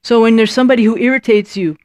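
A woman preaching a sermon, lively and emphatic, acting out the voices she quotes and repeating lines for emphasis. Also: a little high, fast talker, dry recording.

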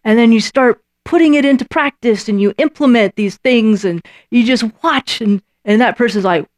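A woman preaching a sermon, lively and emphatic, acting out the voices she quotes and repeating lines for emphasis. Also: on the high side, normal speed, dry recording.

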